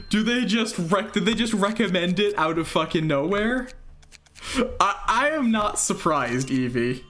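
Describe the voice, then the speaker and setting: Streamer, casual gameplay chat, unhurried, animated pitch, faint game music behind. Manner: laughs often, drifts off mid-sentence. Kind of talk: casual gameplay commentary, chatting with viewers.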